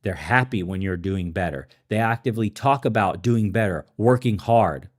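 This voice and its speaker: A man's voice: on the low side, moderate pace. A man hosting a podcast, an immigrant to America, ranting with heavy swearing and heated outbursts, laughing at himself now and then. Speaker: podcast host. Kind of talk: profane ranting commentary. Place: in the Balkans.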